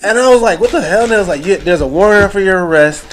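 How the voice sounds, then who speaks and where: A man's voice: high voice, fast, slight background noise. A man co-hosting a podcast, telling stories in loose casual chat full of slang and swearing. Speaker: podcast co-host.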